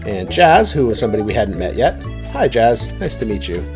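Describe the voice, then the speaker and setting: A man's voice: fairly low pitch, sing-song, fairly quick, music in the background. A man chatting casually while streaming a game, rambling and talking to his viewers. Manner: rambling, chatty, many fillers and restarts.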